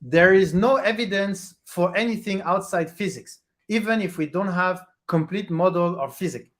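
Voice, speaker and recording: A livestream host whose first language is French chats casually with viewers in a mid-range voice at a moderate pace. Hesitant, they search for English words and restart often.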